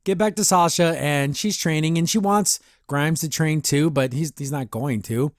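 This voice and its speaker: A man's voice: a little high, normal speed, no echo, clean studio sound. A man hosting a podcast, giving a casual, rambling review of a cartoon episode, acting out the characters' lines and laughing often. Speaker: podcast host.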